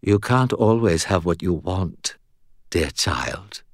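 A man reading an audiobook and voicing a cold, contemptuous female ghost, a body-stealing sorceress who speaks with calm, matter-of-fact menace. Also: low-pitched, slow, no echo, studio quality, full character voice. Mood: coldly calm.

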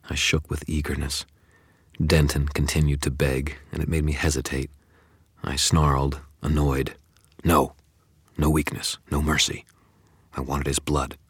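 A man's voice: a bass voice, husky, dry recording, clean studio sound. A man narrating a first-person audiobook with an intense, brooding delivery.

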